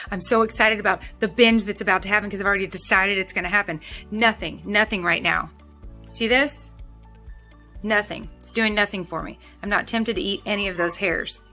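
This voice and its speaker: Woman vlogger, casual to-camera talk, bright tone, rambling restarts, soft music underneath. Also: medium pitch. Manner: chatty, rambling, with frequent restarts and fillers. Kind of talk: casual talking-head vlog.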